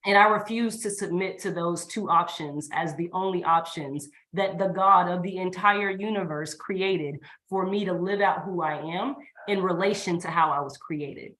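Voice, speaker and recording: Earnest low-voiced woman preaching her story. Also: moderate pace, fairly bright tone, rough recording. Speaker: reverend and organizer. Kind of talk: testimony with a sermon-like build.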